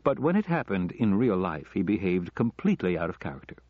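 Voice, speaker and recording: A low-voiced man reads a story aloud in measured, even narration. The sound is close and dry, with a slightly dull, lo-fi tone. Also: no echo. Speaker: audiobook narrator. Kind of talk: scripted narration.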